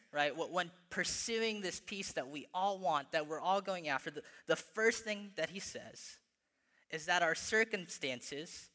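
A young male pastor preaching in a church, with a higher-than-average voice and a bright, forceful tone. He talks earnestly, often repeating words and restarting phrases as he builds a point. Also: long reverb tail. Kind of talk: sermon.

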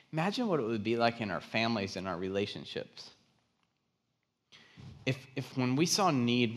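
A man preaching as a guest speaker in a church, telling a story and acting out the people's voices. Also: on the low side. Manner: animated storyteller acting out quotes. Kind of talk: sermon with storytelling. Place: church stage.

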